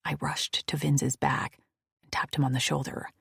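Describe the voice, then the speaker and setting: A woman reads a first-person romance audiobook in an intimate, breathy hush. Her voice is low and husky, with a gravelly fry. She takes an unhurried pace. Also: flat delivery, no echo, in a whisper, studio quality. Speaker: audiobook narrator.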